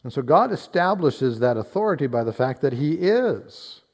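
A man teaching from the Bible in a deliberate, explanatory way, quoting scripture in old-style wording. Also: mid-range voice, very animated, darkish tone. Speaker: preacher.

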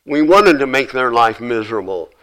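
A man preaches in a mid-range voice, driving his points home with repeated short commands. He rises to loud exhortations, then drops to low, confiding asides. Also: animated, normal speed, rough recording. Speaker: pastor. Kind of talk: sermon.

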